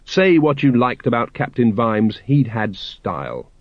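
A man narrating a story aloud in a wry, expressive way. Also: medium pitch, a little slow, dry recording, highs cut off. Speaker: audiobook narrator.

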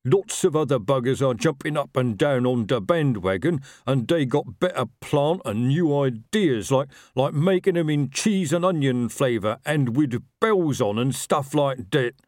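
A man voicing a slow-witted, chatty male troll worker with a rambling, working-class manner. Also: medium pitch, expressive, a little mellow, dry recording, studio quality, pitched above the performer's own voice, natural voice.

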